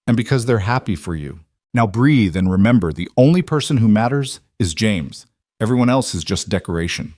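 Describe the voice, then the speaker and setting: A man voicing a calm, steady frontier woman who speaks quietly and firmly in a storybook reading. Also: on the low side, a little fast, no room sound, clean studio sound. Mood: reassuring. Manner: quiet, firm, reassuring.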